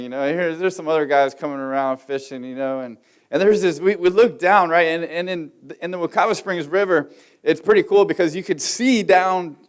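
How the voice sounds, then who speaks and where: A man's voice: fairly high pitch, clear, resonant tone. A man, preaching a sermon in a folksy, rambling storytelling way with many fillers. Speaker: pastor.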